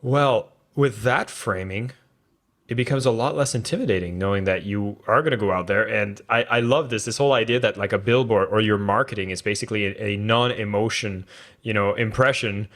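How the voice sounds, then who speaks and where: A man hosting an interview podcast, recapping his guest's points in a measured, enthusiastic way. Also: on the low side, fairly bright tone. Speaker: podcast host.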